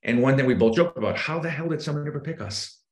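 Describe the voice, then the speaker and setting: A man in casual podcast chat, telling sales stories and acting out his phone pitches with shifting tone. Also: quick pace. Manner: animated, acts out sales calls with shifting tone. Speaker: real estate agent, guest. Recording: roomy echo.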